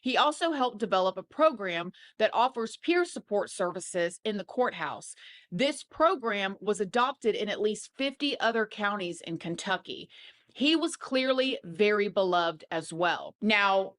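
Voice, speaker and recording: A woman tells a true crime case in a chatty, conversational narration. She keeps a plain mid-range voice and leans on casual fillers as she goes. Her tone stays steady and easy to follow. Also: medium pitch, unhurried. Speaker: true crime video creator.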